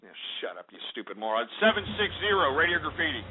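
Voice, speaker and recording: Male talk radio host, high voice, brash and insulting, phone-like lo-fi broadcast sound. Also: very animated, fast talker, a little hiss or hum. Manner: abrasive, insults and mocks callers.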